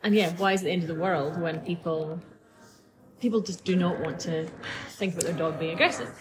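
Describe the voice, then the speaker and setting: A woman speaking as a dog behaviourist in a casual podcast chat, thoughtful and pausing with ums. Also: on the low side, steady tone. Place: busy coffee shop. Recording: crowd noise in a café. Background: café crowd chatter.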